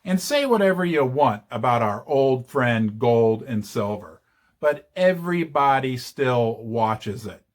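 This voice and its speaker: A man's voice: mid-range voice, a little slow. A man hosting his own channel, giving casual investing commentary with chatty, joking asides. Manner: chatty and animated, jokey asides. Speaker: channel host.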